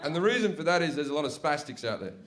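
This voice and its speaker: High-voiced swearing comedian. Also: male voice, rapid-fire, background noise. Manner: crude, swearing, animated storytelling. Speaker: stand-up comedian. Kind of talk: stand-up routine.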